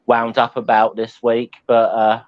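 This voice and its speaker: A man's voice: mid-range voice, completely flat delivery, measured pace, lo-fi sound. A man co-hosting a podcast in casual chat, stumbling and apologetic. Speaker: podcast co-host.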